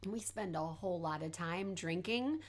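A woman's voice: lowish voice, normal speed. A woman co-hosting a podcast in casual chat, speaking with a slight lisp. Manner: relaxed, musical, talks of singing. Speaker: podcast co-host.

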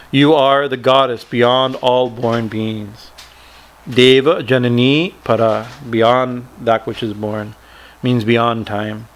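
A man explaining a Sanskrit hymn line by line, chanting verses slowly and talking with many fillers and repeated words. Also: mid-range voice, fairly bright tone. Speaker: teacher explaining scripture.

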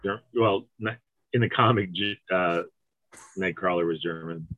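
A man hosting a podcast in casual, joking chat, halting with fillers. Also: deep voice, no echo, phone-quality sound. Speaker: podcast host.

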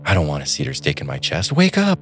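A man reading aloud voicing little girl cousins who are breathless and excitable. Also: rumbling low, fast talker, faint music behind, voice pushed down. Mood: frantic.

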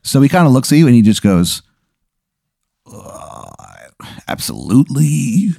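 A man hosting a podcast, spinning an improvised comic story in a loose, animated way, full of "like" and swearing. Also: mid-range voice, fast talker, no room sound, studio quality. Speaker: podcast host.

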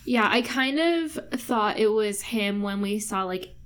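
A woman's voice: medium pitch, expressive, a bit bright. Chatty woman full of "like"s. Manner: chatty, lots of "like", quick asides. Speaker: podcast co-host. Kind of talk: casual chat.

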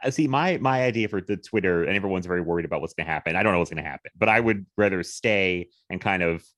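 A man's voice: sits low, quick pace, fairly bright tone, no echo, studio quality. A man co-hosting a film podcast, rambling casually with many fillers and frequent laughs. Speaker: podcast co-host.

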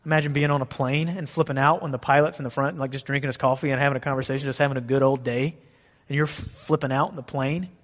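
A man preaching a sermon in a lively, conversational way, asking his listeners many questions. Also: mid-range voice, fast talker, in a large hall.

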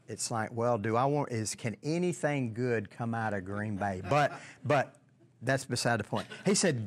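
Man, Bible teacher; unhurried, halting delivery with repeated words and questions to the room, medium pitch.

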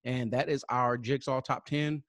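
A man co-hosting a podcast, giving casual sponsor shout-outs and spelling out web addresses slowly, with many fillers. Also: mid-range voice, level tone, dry recording, studio quality. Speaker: podcast co-host.

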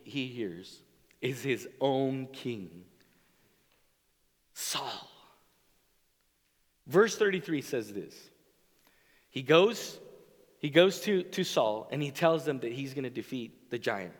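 A man preaching a sermon as a pastor, speaking in an animated way and acting out the voices he quotes. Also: medium pitch, takes it slowly, long pauses. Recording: long reverb of a large hall.

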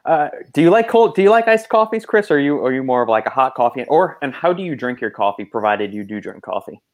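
Fast-talking rambling podcast host. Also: male voice, mid-range voice, expressive. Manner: rambling, many you-knows and restarts. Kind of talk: casual chat.

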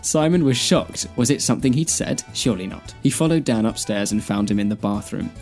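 A man of middle pitch co-hosts a casual podcast, reading a daft fan fiction aloud and cracking up as he goes. Faint music sits under his voice. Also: fairly quick, darkish tone. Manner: laughing through comic lines. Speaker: podcast co-host.

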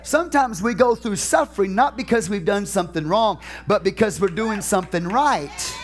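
A man pastor preaching a sermon in a church, fervent and questioning, with shouted peaks and slow drawn-out phrases. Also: sits high, music in the background.

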